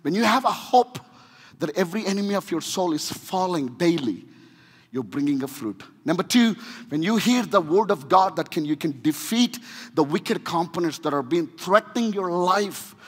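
A man with an Indian accent preaching a sermon, swinging between shouting and hushed delivery, with humorous asides. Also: high voice, animated, normal speed, breathy edge. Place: church sanctuary. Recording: long reverb of a church hall.

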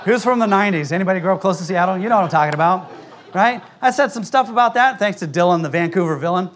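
High-voiced blunt American preacher. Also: male voice, quick pace, fairly bright tone, slight background noise. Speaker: pastor. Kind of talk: sermon. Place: church sanctuary before a congregation.

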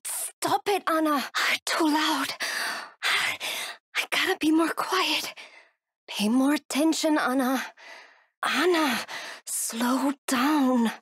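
Terrified wounded young woman, hushed self-talk, high voice, very slow, dry studio sound. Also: no echo, full character voice. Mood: tense. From Texas. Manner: whispers and talks herself through danger. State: wounded and in pain. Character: frightened young woman hiding from killers. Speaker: game character. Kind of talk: video game voice acting.

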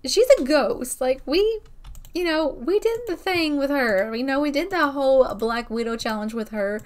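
A young woman hosting a gaming video, chatting excitedly through her gameplay with frequent exclamations. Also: high-pitched, normal speed. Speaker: gaming channel host. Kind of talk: casual game commentary.

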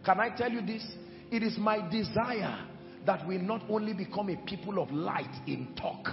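Male preacher, fiery sermon delivery, gravelly edge, dull roomy church recording. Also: high-pitched, lively intonation, normal speed. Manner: impassioned preaching with shouted peaks. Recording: echoey hall, dull sound, music behind. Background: music.

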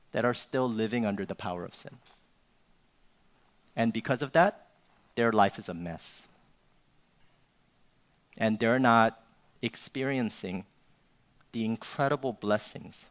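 Conversational male pastor preaching a sermon. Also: mid-range voice. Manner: conversational, filler-heavy with "you know" and "right?".

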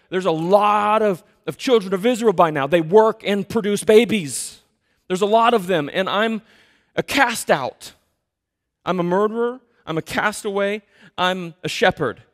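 A man preaches in a church sanctuary, his fairly high voice ringing out with long reverb. He talks like he is chatting, poking fun at himself and acting out the stories. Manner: conversational, self-deprecating, animated storytelling. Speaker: pastor. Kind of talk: sermon.

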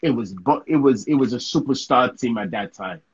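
A man from Sierra Leone tells a story as an interview guest, with a husky, slightly breathy voice at a middling pitch. He keeps it casual and animated, repeating words and tagging "right?" onto his sentences. The recording sounds somewhat dull and lo-fi. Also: a little fast. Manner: lively anecdotal telling, frequent "right?" tag questions, repeated words. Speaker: interview guest, pro soccer player.

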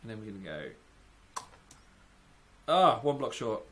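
A slightly ill gaming YouTuber rambles, giggles and jokes at his own expense as he builds in a let's-play. His lowish voice is very animated yet unhurried, with a little hiss or hum in the background.

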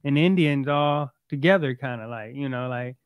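Steady, explaining man, dry sound. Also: medium pitch, moderate pace, smooth, no echo. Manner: explains history at length in a steady, lecturing way. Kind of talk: casual podcast chat.

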